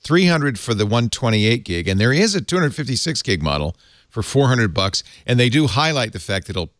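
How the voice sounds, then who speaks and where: A man from Providence hosting a casual tech podcast, jokey and quick to laugh. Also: mid-range voice, big pitch swings, fairly bright tone, dry recording, clean studio sound. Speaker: podcast host.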